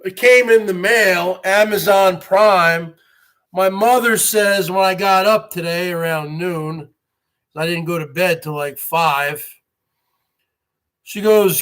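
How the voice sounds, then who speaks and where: A boastful New Jersey man hosts a rambling live stream, greeting viewers by name and repeating "folks" and "bottom line." His voice is high-pitched and a bit bright, and he takes it slowly.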